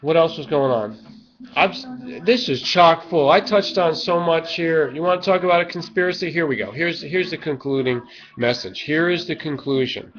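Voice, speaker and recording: Erratic ranting man, lo-fi audio. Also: medium pitch. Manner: erratic, swings from mumbling to shouting. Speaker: vlogger. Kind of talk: rambling monologue rant. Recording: dull lo-fi webcam audio.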